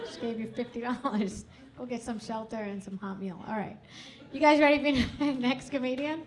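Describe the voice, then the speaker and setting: A woman's voice: fairly high pitch, moderate pace. A woman hosting a comedy club stage, doing chatty, self-mocking stand-up and working the crowd on a handheld mic.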